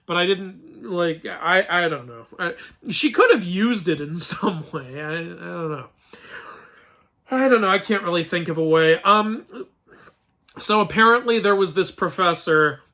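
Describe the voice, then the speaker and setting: A man's voice: high voice, pushed and bright. A man hosting a casual film review, sarcastic and exasperated, laughing often and restarting his sentences. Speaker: mythology channel host reviewing a film.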